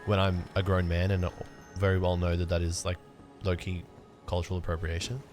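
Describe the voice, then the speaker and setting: Deep voiced young guy streaming a game, jokey, talks to chat, jumps up loud when excited, little music behind. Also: a little fast. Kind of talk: casual gameplay livestream chat.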